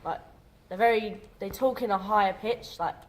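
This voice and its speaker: A woman's voice: medium pitch, normal speed. A woman drama student talking casually in a group discussion, chatty and full of fillers.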